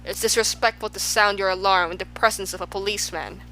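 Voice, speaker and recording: A woman's voice: mid-range voice, steady tone, quick pace, pushed and bright, soft background music, natural voice, poor audio. A woman voicing a tiny, fierce male policeman in a storybook, stern and officious.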